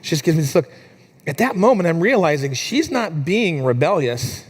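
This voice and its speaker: A young adult man preaching a sermon in a church, telling a family story with lively, animated delivery. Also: fairly high pitch, normal speed, slightly rough. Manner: storytelling, animated when quoting his daughter. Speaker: pastor.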